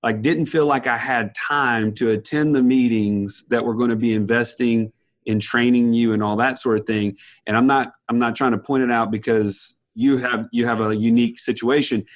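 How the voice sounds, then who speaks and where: A man's voice: medium pitch, fairly even intonation, moderate pace. A man hosting a podcast interview, encouraging and drawing out his guest's point. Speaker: podcast host. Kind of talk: casual interview.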